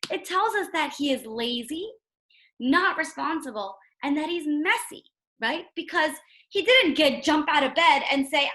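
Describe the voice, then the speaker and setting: A woman teacher with a high voice reads a storybook aloud a little slowly, explaining it as a read-aloud lesson. She's expressive and keeps asking the listener questions along the way.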